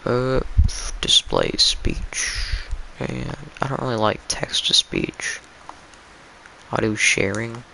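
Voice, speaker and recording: A man's voice: medium pitch, fairly even intonation, slow pace, gravelly, pauses often, bright, forceful tone, a little hiss or hum. A drowsy man on a casual stream, reading a book aloud and chatting, often stumbling over words and restarting. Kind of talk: casual live-stream storytelling.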